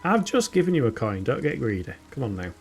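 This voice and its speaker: A man's voice: medium pitch, sing-song, fast talker, soft background music. A man from the UK with a northern English accent, chatting casually and laughing at himself while streaming a game. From United Kingdom. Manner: chatty and self-mocking, laughs often. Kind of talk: casual gameplay commentary.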